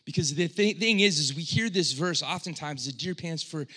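Bright-voiced preacher, hushed to fervent. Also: male voice, lively intonation, normal speed, hardly any pauses. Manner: swings from hushed, low delivery to loud impassioned cries; conversational, with frequent "like" and restarts. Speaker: pastor. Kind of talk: sermon.

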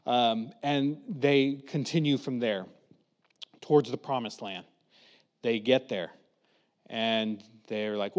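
A man preaching a lively storytelling sermon, acting out quotes in different voices. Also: mid-range voice, slow, long pauses, in a large hall. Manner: animated, acts out quotes with voices.

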